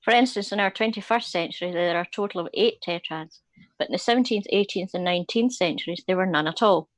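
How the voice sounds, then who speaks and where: A woman reading an article aloud during a casual chat, steady and clear. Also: lowish voice, fast, no echo.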